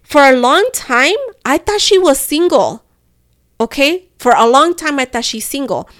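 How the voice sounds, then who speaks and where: A young woman, telling a story on a podcast in an animated, profane way and slipping into phrases. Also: high-pitched, unhurried, dry recording, studio quality. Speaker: podcast co-host. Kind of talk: casual storytelling chat.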